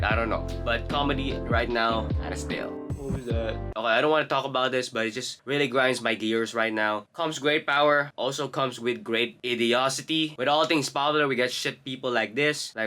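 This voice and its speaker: A man's voice: medium pitch, moderate pace, few pauses, music in the background. A young man ranting casually about an anime, blunt and profane, rambling and correcting himself as he goes. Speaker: anime commentator. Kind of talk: casual rant to camera.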